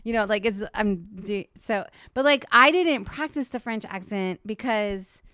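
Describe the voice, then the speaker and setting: A woman co-hosting a podcast from home, telling a story in a casual, animated way, peppered with "like" and swearing. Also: mid-range voice, a little slow, clean tone, no room sound, clean studio sound. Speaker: podcast co-host. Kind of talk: casual chat.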